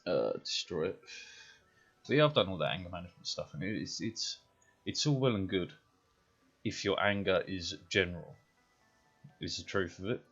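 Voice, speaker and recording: British male streamer, very low voice, blunt sweary ranter, dull lo-fi audio with faint music behind. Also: animated, a little fast, vocal fry, a bit bright, husky. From Britain. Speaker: game streamer. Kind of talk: casual ranting chat while gaming.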